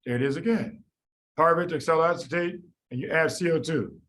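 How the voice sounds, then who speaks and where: A middle-aged man lecturing medical students in an animated, folksy, joking storytelling way. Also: fairly high pitch, fast, a little hiss or hum, poor audio. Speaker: medical school biochemistry lecturer.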